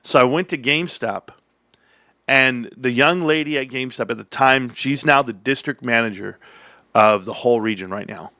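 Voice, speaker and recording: A man's voice: mid-range voice, moderate pace, bright, forceful tone, dry recording. A middle-aged man telling a long personal story in a casual, rambling way, acting out the dialogue with restarts along the way. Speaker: stock channel host.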